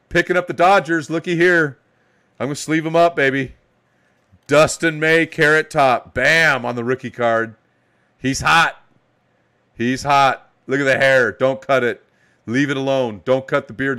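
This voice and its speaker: With a mid-range, fairly bright voice, a man runs a live card box break full of hype. He plays up every card he pulls and gives players playful nicknames.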